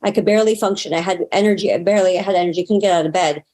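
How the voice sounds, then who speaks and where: A woman's voice: on the low side, rapid-fire, mellow. A woman guest in an interview, telling a personal story in an earnest, talkative way. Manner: earnest, talkative, acts out past moments in quotes.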